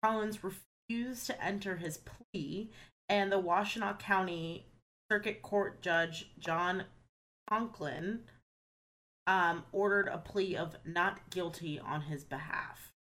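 A woman's voice: medium pitch, takes it slowly, fairly bright tone, poor audio. A woman co-hosting a true crime podcast, working steadily through dates and court proceedings from her notes. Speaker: podcast co-host. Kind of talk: reading case notes in casual chat.

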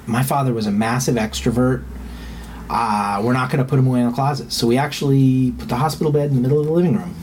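A man's voice: mid-range voice, steady tone, quick pace, noisy background. A middle-aged man telling a personal story in frank, casual conversation, swearing freely and livening up when he quotes people.

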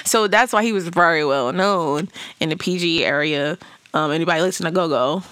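A young adult woman chatting to her viewers about her life, her voice bright and forward. She talks loosely and warmly, peppering stories with asides and little laughs. The sound is dry and close, with no room around it. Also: on the low side, a little fast, no echo. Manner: chatty, lots of "you know what I'm saying" and laughs. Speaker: vlogger. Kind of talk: casual storytelling to camera.

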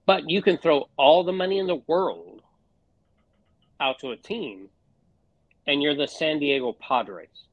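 A man's voice: fairly high pitch, unhurried, pauses often, dry recording, dull audio. A man co-hosting a casual sports podcast, ranting with lots of swearing. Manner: profane, fired-up rants. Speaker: podcast co-host.

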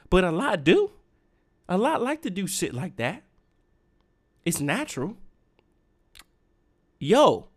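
Heated ranting man. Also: on the high side. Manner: heated, profane, emphatic ranting. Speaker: podcast host. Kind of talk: solo rant.

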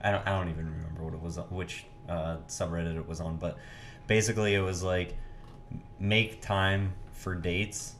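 A man's voice: low-pitched, fairly even intonation, normal speed, fairly bright tone, slight background noise. A young man on a podcast, giving easygoing advice in a casual chat. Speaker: podcast co-host.

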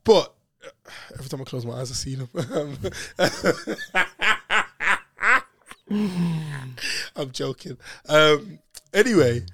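Slangy young man, fairly high voice. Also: lively intonation, very slow, pauses often, bright, forceful tone, husky, no room sound. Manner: slangy, laughs often, acts out voices in his story. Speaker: storyteller in a casual chat. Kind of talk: casual chat, animated anecdote.

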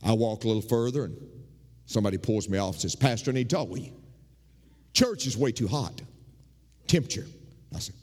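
A man preaching as pastor in a church, animated and rising in pitch as he drives his points home. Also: fairly quick, pauses often, in a large hall. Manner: animated preaching, mimics congregants with shifting pitch. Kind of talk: sermon. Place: church sanctuary.

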